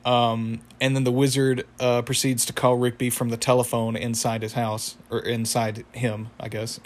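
A man's voice: mid-range voice, little pitch movement, moderate pace. A young man casually recapping a cartoon episode, rambling with lots of fillers and chuckling at the story. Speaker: show recapper.

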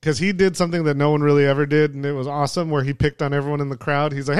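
A man's voice: a little high, fast, hardly any pauses, clean tone, dry recording, clean studio sound. A man hosting a podcast, chatting casually about movies, rambling and swearing with frequent laughs. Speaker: podcast host. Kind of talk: casual movie review chat.

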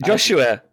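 A man's voice: high-pitched, fairly bright tone, husky. A man hosting a casual quiz with friends, reading out questions and making sarcastic, sweary asides. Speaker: quizmaster.

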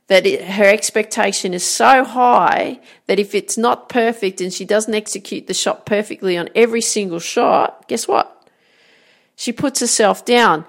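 A woman with a gravelly, creaky edge to her voice talks on a motivational podcast. She coaches earnestly and warmly encouraging, circling back to the same phrases to drive them home. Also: mid-range voice. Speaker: podcast host and golf coach.

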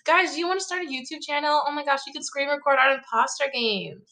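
A young woman chatting casually with friends, loud and laughing, full of playful teasing. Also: sits high, quick pace. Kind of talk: casual chat among friends.

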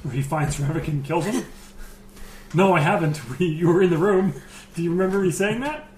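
A man's voice: a little high, brisk, a little mellow. Teasing man in an echoey room. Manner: teasing, dry sarcasm. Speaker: podcast co-host. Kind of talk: casual chat. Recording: echoey room, faint noise.

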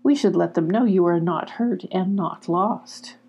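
A woman voicing Shine, a calm, soothing, motherly magical dog in a storybook. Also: fairly low pitch, measured pace, husky.

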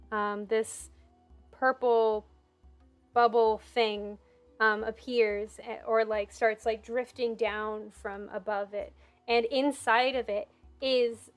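A woman's voice: on the high side, fairly bright tone. A woman running a tabletop game as game master, narrating with lots of fillers. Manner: filler-heavy, rambling.

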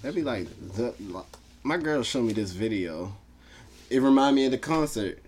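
A man chatting casually with friends on a podcast, telling stories in an animated, profane way. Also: mid-range voice, moderate pace, slightly rough. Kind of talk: casual chat.

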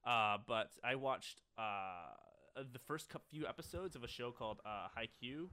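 A man's voice: medium pitch, animated, pushed and bright. Rambling young man on a casual podcast. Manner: rambling, filler-heavy, quick bursts of laughter. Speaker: podcast co-host. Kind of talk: casual chat.

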